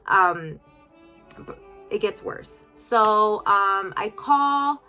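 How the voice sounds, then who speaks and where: A woman's voice: medium pitch, bright, forceful tone. A woman telling an emotional storytime vlog to her followers in a chatty, filler-heavy way. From United States.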